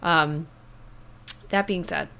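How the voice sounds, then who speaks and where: A woman co-hosting a sports news chat, talking through headlines in a relaxed, conversational way. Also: sits low, takes it slowly. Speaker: co-host of a sports news show.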